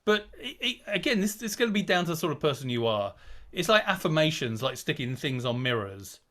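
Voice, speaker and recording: A man's voice: a little high, big pitch swings, a little fast, bright, forceful tone. A man speaking as a guest on a video call, chatty and digressive, acting out quoted inner voices. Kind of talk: casual talk on a video call.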